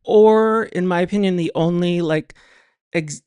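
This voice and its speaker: A guest on a casual podcast interview, speaking haltingly with many restarts and wry, deadpan humor. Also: medium pitch, smooth. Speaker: podcast guest, writer and psychotherapist.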